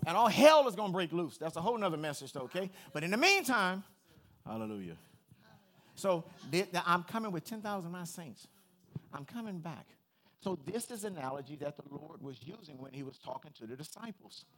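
A male preacher delivers a sermon in a high voice. His pitch leaps and falls as he talks straight to the congregation, animated and engaging. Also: a little fast. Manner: animated, addresses the congregation directly. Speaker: pastor.

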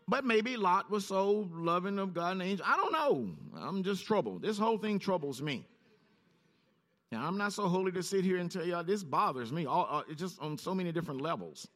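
A man preaching a sermon, reading scripture in a low, steady voice and then rising sharply in pitch as he comments on it. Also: fairly quick.

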